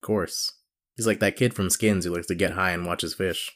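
A man's voice: low-pitched, fairly even intonation, fairly quick, a bit bright. A man co-hosting a podcast in casual chat, joking and rambling with fillers. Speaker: podcast co-host.

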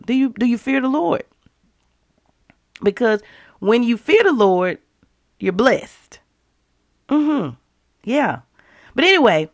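A woman's voice: medium pitch, no room sound, clean studio sound. A woman with speech, a mother, teaching a casual devotional and talking straight to her listeners with emphatic, conversational energy. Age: adult with children. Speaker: Christian devotional host.

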